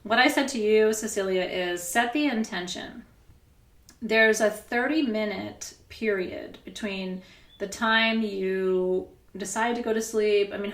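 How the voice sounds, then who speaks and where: A middle-aged woman coaching a group in a loose, candid way, breaking into laughter and swearing as she tells a personal story. Her voice sits at a middling pitch. The room adds noticeable echo. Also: a bit bright. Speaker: spiritual coach. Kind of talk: casual coaching session.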